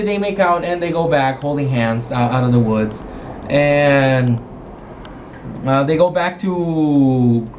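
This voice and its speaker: A man who is a game master, casually recapping a tabletop roleplaying session in a rambling, animated way with frequent restarts. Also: fairly high pitch, a little hiss or hum.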